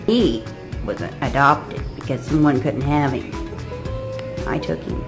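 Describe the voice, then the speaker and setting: Woman talking to her parrot, lively swooping pitch, slow unhurried talk, coaxing and exasperated, music playing behind. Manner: coaxing, exasperated, talks to the bird in a baby voice. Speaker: parrot owner. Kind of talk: casual chat to a pet parrot.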